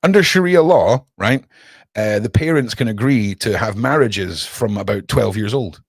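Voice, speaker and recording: A Scottish man ranting on his live stream, profane and heated, his voice climbing high and loud in bursts. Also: lively intonation, moderate pace, creaky, breathy edge, no room sound, clean studio sound. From Scotland.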